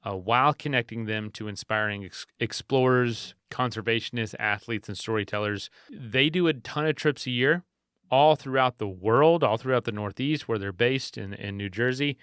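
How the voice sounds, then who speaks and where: A man in his thirties hosts his podcast, chatting through a story in a relaxed, rambling way. His voice is bright and forceful, smooth and resonant, and it is recorded dry and close with no room echo. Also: mid-range voice, moderate pace. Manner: relaxed, rambling with frequent restarts. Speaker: podcast host. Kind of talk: casual storytelling monologue.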